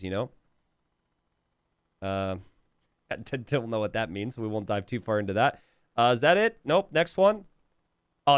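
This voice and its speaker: A man's voice: fairly high pitch, no room sound, studio quality. A man casually chatting on a stream as a game caster, laughing often and teasing his viewers. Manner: giggly, animated, laughs often mid-sentence; chatty, teasing, self-correcting. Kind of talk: casual stream chat reacting to viewer memes.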